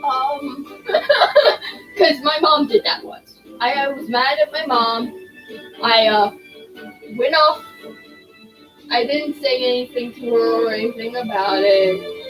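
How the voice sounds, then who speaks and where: In this let's-play, the gaming streamer talks chattily as she plays, poking fun at herself as she goes. Her voice is a little high and slow with long pauses, recorded in low quality over the game's music.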